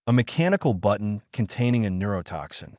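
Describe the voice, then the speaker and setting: A man's voice: fairly low pitch, sing-song, fairly quick, a little mellow, no echo, studio quality. A man narrating an audiobook in a dramatic style, calling out sound effects with punch. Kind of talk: audiobook narration of a fan novel.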